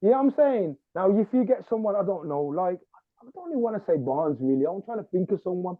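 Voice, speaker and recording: A man, co-hosting a casual sports podcast, talking in an animated, rambling way with lots of "yeah"s. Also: sits high, fast, no room sound. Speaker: podcast co-host. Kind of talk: casual chat. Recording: dry tinny phone-like sound.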